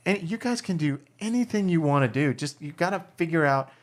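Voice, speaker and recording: Animated, lively-voiced male storyteller. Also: a little high, brisk. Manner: animated storyteller, acts out quotes, swears freely. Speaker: documentary filmmaker guest. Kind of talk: casual chat over drinks.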